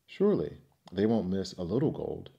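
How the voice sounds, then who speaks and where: A man's voice: sits low, huge pitch swings, moderate pace, vocal fry, warm tone, exaggerated voice. A man reading a storybook and voicing a poor, cautious woodcutter who mutters. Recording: dull lo-fi recording.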